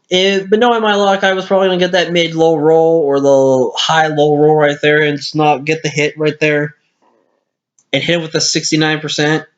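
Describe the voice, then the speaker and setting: A man's voice: a little high, fairly bright tone. Tired man rambling over a replay. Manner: rambling, self-correcting. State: tired, hiccuping. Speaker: gaming commentator. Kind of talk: casual game commentary. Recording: lo-fi screen-capture mic.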